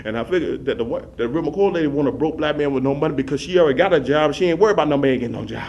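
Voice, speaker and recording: A man telling rambling comic stories in a rapid, run-on, repetitive way, animatedly acting out the scenes. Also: on the high side, a little mellow, muffled recording, slight background noise. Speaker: comic storyteller.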